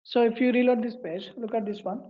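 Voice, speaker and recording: Halting woman teaching code, lo-fi. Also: fairly high pitch, steady tone. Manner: halting, repeats phrases while typing. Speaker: coding tutor. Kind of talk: screen-recorded coding tutorial.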